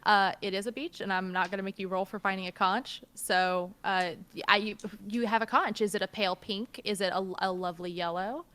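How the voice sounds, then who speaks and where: A woman's voice: medium pitch, fairly even intonation, fairly quick, hardly any pauses, fairly bright tone. A woman narrating a tabletop game as game master, describing scenes loosely with plenty of fillers.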